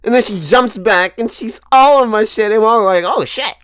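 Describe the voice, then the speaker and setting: A man in his twenties telling a comic story to camera as a vlogger, animated and profane, often laughing. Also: sits high, normal speed, clear, resonant tone, dry recording. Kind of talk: comedic storytelling monologue.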